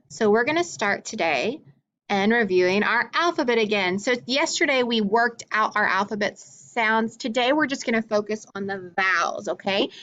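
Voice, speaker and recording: A woman teaching a phonics lesson to young children, patient and encouraging, slowly drawing out letter sounds. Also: fairly high pitch, fairly bright tone.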